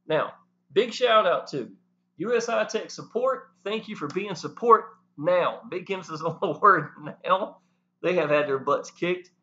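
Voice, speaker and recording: A man talking to the camera, animated and preachy, often saying "y'all". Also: a little high. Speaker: network marketing promoter. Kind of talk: casual talk to camera. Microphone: camera mic. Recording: dull lo-fi sound.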